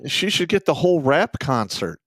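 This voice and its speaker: A man's voice: very animated, normal speed, a bit bright, dry recording, clean studio sound. A man in his fifties hosting a casual talk show, wry and sardonic, sometimes dropping to a sigh or mutter. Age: 50s. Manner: wry, sardonic, drops to low sighs and mutters. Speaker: podcast host.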